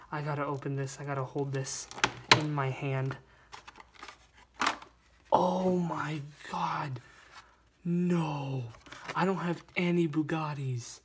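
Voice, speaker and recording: A young man vlogging as he unboxes toy cars, gushing and stammering with excitement. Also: fairly high pitch. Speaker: toy car collector vlogger. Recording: noisy room with crinkling bags.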